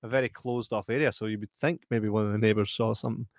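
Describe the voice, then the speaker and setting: A Scottish man co-hosting a casual film chat, jokey and quick to laugh. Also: lowish voice, fairly even intonation, no echo, clean studio sound. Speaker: podcast co-host.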